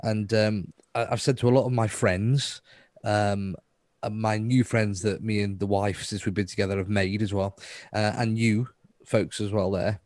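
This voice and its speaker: A rambling, self-mocking man chatting as a podcast co-host. His voice sits on the low side, recorded dry and close. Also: steady tone, moderate pace, darkish tone, no room sound. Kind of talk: casual chat.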